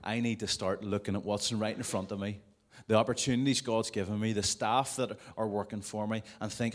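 Guy preaching at a church service, lowish voice, chatty with little jokes on the side. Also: fairly even intonation, fast, hardly any pauses. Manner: conversational, with jokey asides. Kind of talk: sermon. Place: church service before a congregation.

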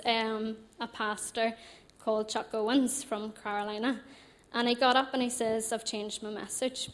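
Young northern irish woman telling her story, chatty, laughs a lot, voice a bit high. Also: slight background noise. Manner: animated, chatty, laughs often. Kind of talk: personal testimony storytelling.

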